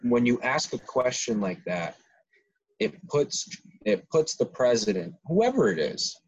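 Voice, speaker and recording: His voice medium-pitched, slightly rough and very animated, this man around twenty co-hosts a casual podcast at an unhurried pace. He rants his opinions heatedly and restarts often, and the audio has a dull lo-fi quality.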